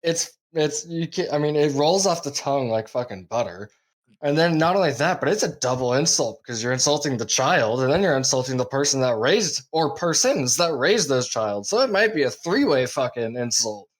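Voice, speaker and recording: A man's voice: mid-range voice, animated, normal speed. A man co-hosting a podcast in casual chat, wry and profane, stumbling over restarts before getting to his point. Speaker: podcast co-host.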